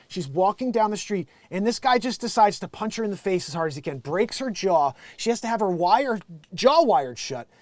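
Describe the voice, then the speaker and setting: A man with a high, strained voice rants through the day's news with no script, swearing freely and jumping from loud outbursts to low mutters. His Connecticut-tinged speech sits close to the mic in a dead, dry room. He talks like a daily live host riffing for his regulars. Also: no echo. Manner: loud, emphatic and profane, swings between shouting and muttering. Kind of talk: unscripted ranting commentary on news.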